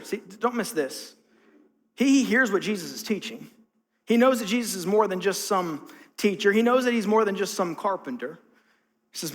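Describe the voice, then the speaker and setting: A man's voice: high voice, lively intonation, moderate pace, long reverb tail. A man preaching a conversational sermon as a pastor, acting out the voices in his story. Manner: conversational, acts out quotes.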